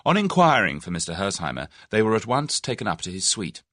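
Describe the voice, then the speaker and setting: A man reads an audiobook in an expressive storytelling manner. His voice is deep and his intonation moves widely. The recording is dry and close. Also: fast talker, no echo. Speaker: audiobook narrator. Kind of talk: scripted narration.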